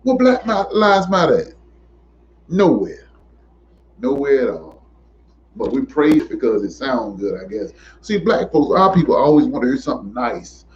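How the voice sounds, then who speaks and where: A man's voice: medium pitch, very animated, normal speed, a little hiss or hum. Fired-up man going off in a monologue, repeats himself a lot, muffled lo-fi sound. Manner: preachy, repetitive, emphatic, rising to near shouts. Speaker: commentator. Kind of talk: impassioned monologue to camera. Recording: dull lo-fi recording.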